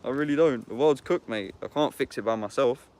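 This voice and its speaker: A young man chats casually to his livestream audience. His talk is loose and slangy, full of swearing and bruv. His voice sits at an ordinary mid pitch. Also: brisk, darkish tone. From Epsom, England. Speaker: YouTuber talking to viewers.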